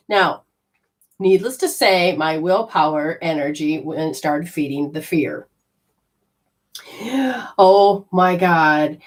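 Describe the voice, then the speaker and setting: A woman, a spiritual teacher, telling a personal story in a lively way, acting out her own lines and swinging from loud outbursts to soft murmurs. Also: on the low side. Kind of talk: storytelling talk.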